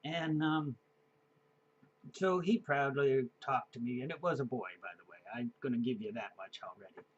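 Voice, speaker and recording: A man's voice: mid-range voice, moderate pace, muffled recording, a little hiss or hum. A man in his fifties telling a personal story in a casual, rambling way, with many fillers and chuckles. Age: 50s. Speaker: vlogger.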